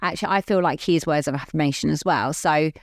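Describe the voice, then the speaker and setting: Earnest woman, lowish voice. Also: fast talker, no echo, studio quality. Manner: rambling, heavy use of "like", open and earnest. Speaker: podcast co-host. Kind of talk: candid casual chat.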